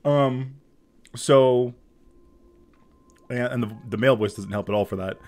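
A man in his thirties giving casual reaction commentary on a game, excitable, swearing and laughing often. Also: on the low side, very fast. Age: 30s.

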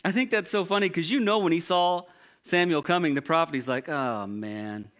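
A male pastor preaching a sermon, reading scripture aloud and commenting on it in a lively, jokey way. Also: high voice, brisk.

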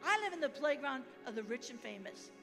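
A high-pitched American woman preaching to a congregation in a church hall with a long echo. She is animated and leads call-and-response. Music plays behind her. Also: a little fast. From United States. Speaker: guest missionary preacher. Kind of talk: sermon.

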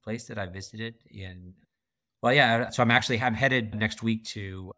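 A man's voice: on the low side, moderate pace, sharp tone, no room sound. A middle-aged man from Canada, a podcast guest talking emphatically and laughing often in a casual interview.

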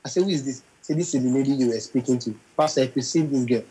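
On poor audio, a young adult comedian speaks rapid-fire at medium pitch with a slightly rough voice. As an interview guest, he animatedly spins stories, doing voices and singing lines.

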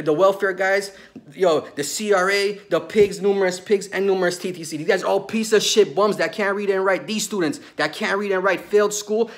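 Fast, fired-up man ranting. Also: high-pitched. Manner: heated, profane, repeats "bro" constantly; rapid-fire, accusatory, grows into yelling. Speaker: vlogger. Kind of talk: angry rant to camera.

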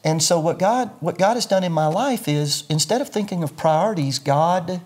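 Husky older pastor, earnest. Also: male voice, fairly high pitch, moderate pace, darkish tone. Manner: earnest, sermon-like explaining. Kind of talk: interview conversation.

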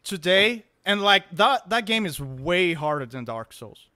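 Brief: panel regular, man, bright tone, dry close sound, playfully defensive. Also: high-pitched, sing-song, measured pace, dry recording. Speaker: show regular. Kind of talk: casual panel chat.

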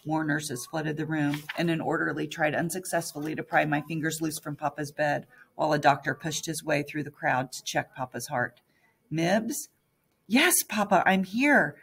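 Gravelly woman reading an audiobook. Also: deep voice, little pitch movement, normal speed, few pauses. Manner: first-person storytelling as a young girl. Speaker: audiobook narrator. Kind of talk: scripted audiobook narration.

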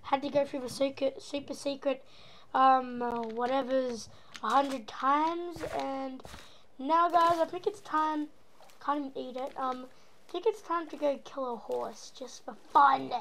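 A woman's voice: high-pitched, steady tone, unhurried, fairly bright tone, a little hiss or hum, poor audio. A woman from Australia speaking with a put-on American accent, rambling playfully through gameplay commentary as a gaming channel host. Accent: American, put on over an Australian one. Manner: rambling, playful, making silly noises.

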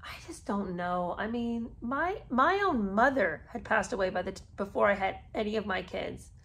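A woman's voice: medium pitch, expressive, moderate pace, a bit bright, slight background noise. Sarcastic woman reading a memoir aloud. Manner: sarcastic, incredulous asides between read passages. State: mother of three. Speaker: podcast host.

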